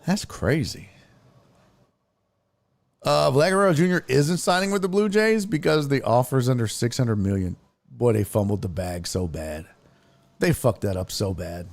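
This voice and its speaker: A man's voice: medium pitch, animated, moderate pace, vocal fry, pauses often. A man hosting a casual sports show, ranting and rambling with lots of swearing. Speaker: sports podcast host.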